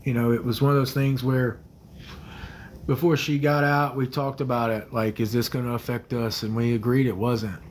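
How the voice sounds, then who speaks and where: Soft-spoken man chatting on a livestream. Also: mid-range voice, fairly even intonation, moderate pace, slight background noise, low-quality recording. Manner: soft-spoken, hesitant, many fillers, drops to quiet murmurs. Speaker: livestream host answering viewer comments. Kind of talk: casual livestream chat. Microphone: phone livestream.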